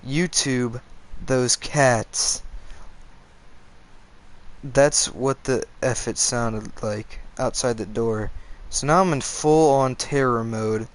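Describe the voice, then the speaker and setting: A man's voice: medium pitch, slow, low-quality recording. Man casually telling a scary story. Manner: casual, swears with softened words, goes off on tangents. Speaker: storyteller reading scary stories.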